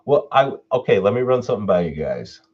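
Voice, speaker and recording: A man hosting his own live stream Q&A, telling a personal story in a laid-back way, swearing freely and getting animated when he retells what people said. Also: fairly low pitch, brisk, slightly rough, lo-fi sound. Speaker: channel host doing a live stream Q&A.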